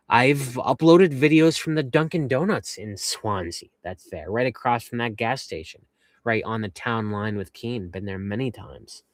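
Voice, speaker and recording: A man's voice: mid-range voice, no room sound. A young man from western Massachusetts chatting casually on a livestream from his camper van, reading viewer comments in a rambling, upbeat way. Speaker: vanlife livestream host.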